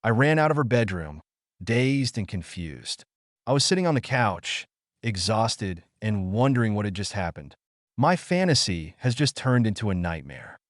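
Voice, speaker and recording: Expressive male story narrator. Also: lowish voice, normal speed, no echo, clean studio sound. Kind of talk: first-person story narration.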